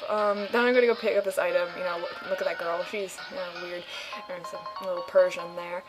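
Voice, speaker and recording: A woman's voice: fairly low pitch, little pitch movement, normal speed, music in the background, low-quality recording. A young woman casually commenting on her own game playthrough, rambling and joking as she goes. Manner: rambling, jokey, puts on silly voices. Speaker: gamer doing a let's play.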